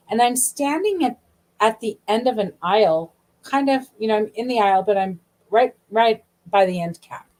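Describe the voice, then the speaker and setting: Casting note: middle-aged female host, chatty storyteller, mid pitch, lots of quoted back-and-forth. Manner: chatty, animated, many asides and quoted dialogue. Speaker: podcast host. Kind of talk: casual storytelling.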